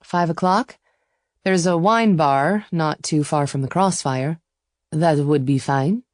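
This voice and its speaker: A woman voicing a middle-aged French businessman with a French accent, speaking in a measured, formal way. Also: on the high side, no room sound, clean studio sound. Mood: polite.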